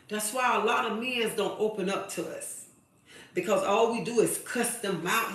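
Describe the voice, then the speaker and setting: A woman livestreams an impassioned advice monologue aimed at women, emphatic and preachy, repeating phrases for weight. Her voice is medium-pitched and a bit bright, at a moderate pace. She sits away from the mic in a very echoey room.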